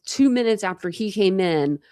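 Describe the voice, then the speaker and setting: Speaking at a normal speed, this true crime livestream host has a mid-range, dark-toned voice with lively intonation. She chats with viewers in a rambling, casual way, stumbling through lots of fillers and restarts. The recording is dry and studio-clean.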